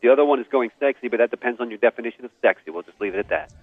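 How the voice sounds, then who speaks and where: Fast-talking man on a tinny phone line. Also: medium pitch, dry recording. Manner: quick, confident talk with small restarts. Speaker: phone-in guest. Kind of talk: commentary on TV ads.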